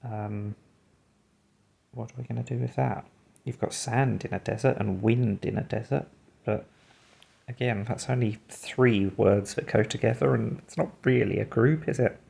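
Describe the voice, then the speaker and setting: A man's voice: medium pitch, moderate pace, creaky, darkish tone, husky. A man hosting a puzzle video, musing and talking himself through his guesses while solving a word game.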